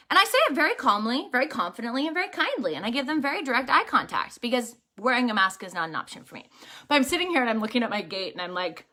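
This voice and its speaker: A woman hosting a casual livestream and telling stories to her viewers in an animated, chatty way. She keeps asking her audience rhetorical questions and fills her talk with little fillers. Her voice sits slightly high and sounds very bright and forceful. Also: rapid-fire. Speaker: livestream host.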